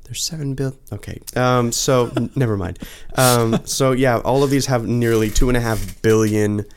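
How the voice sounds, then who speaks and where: A man's voice: mid-range voice, steady tone, normal speed, clean tone. A young man co-hosting a podcast, chatting casually and rambling with lots of ums and restarts. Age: young adult. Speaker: podcast co-host. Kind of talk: casual chat.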